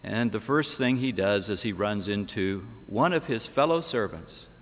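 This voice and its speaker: Animated preacher in a ringing church. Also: male voice, on the low side, normal speed. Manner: dramatic storytelling with rhetorical questions. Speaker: pastor. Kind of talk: sermon. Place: church sanctuary. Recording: echoey church hall.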